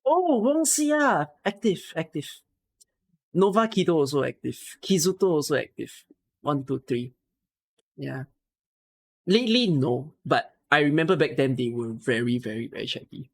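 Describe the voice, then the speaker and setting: Tired live streamer, emotional, excitable, casual chat, mid-pitched voice, close desk mic. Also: moderate pace, pauses often. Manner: emotional, excitable, near tears. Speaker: streamer reading follower names.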